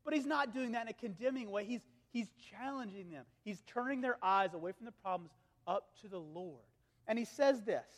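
A strikingly high-pitched male pastor in his thirties delivers a sermon, rising to urgent emphasis and then dropping to soft, tender hushes. His voice rings out with a long reverb, as if filling a large hall. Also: animated, a little fast. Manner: swings from raised, urgent preaching to hushed, gentle tones.

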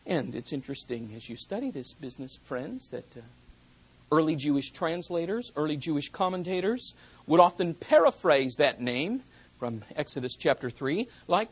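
A preacher delivering a sermon, talking emphatically and swinging between hushed and loud. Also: medium pitch, sing-song, slightly rough, low-quality recording. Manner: slows down for quoted verses.

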